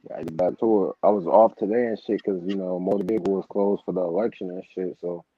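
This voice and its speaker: A young man with a low voice tells a heated story with plenty of swearing. He acts out his argument with his boss. The sound is dull and lo-fi, dry and close. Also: fast, no room sound. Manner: profane, animated storytelling with quoted outbursts. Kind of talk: casual chat.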